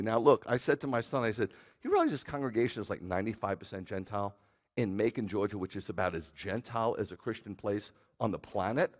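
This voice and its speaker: Man, rabbi, sermon, lively pitch, joking, loud then hushed. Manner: animated, joking, swings from loud to quiet.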